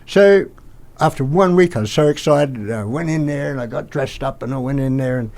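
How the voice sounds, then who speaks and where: An older Australian man, a podcast guest, rambling through an animated anecdote and acting out the quotes. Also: mid-range voice, normal speed. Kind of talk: anecdotal storytelling.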